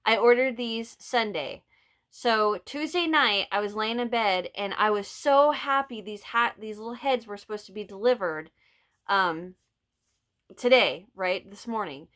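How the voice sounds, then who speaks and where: A woman's voice: mid-range voice, unhurried, fairly bright tone. A middle-aged woman with a Southern Illinois accent chatting casually about her crochet projects, telling stories and laughing often. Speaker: vlog host, crocheter. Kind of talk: casual chat.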